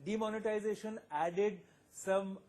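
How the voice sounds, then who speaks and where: A man speaking as an economist guest on a live TV news panel, explaining in a measured, analytical way. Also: high voice, fairly even intonation, darkish tone.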